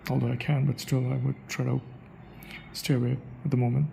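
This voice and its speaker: A man's voice: medium pitch, level tone, brisk, gravelly, mellow, slight background noise, rough recording. A young man thinking aloud in a casual monologue, repeating phrases as he tries out a way of speaking. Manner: muses aloud, repeats phrases to try them out. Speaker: accent practice vlogger.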